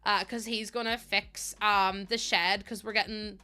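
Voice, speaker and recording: A woman's voice: mid-range voice, little pitch movement, measured pace, sharp tone, clean tone. A young woman with a Northern Irish accent, chatting casually with viewers as she streams a game, rambling and laughing often. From Northern Ireland. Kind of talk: casual live-stream chat, greeting viewers.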